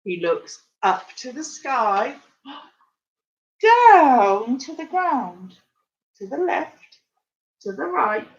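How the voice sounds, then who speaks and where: A woman's voice: high voice, extremely slow, pauses often, muffled recording. A woman reading a picture book to small children, full of gasps and questions to her listeners. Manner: animated, gasping, speaking straight to the children. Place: at home.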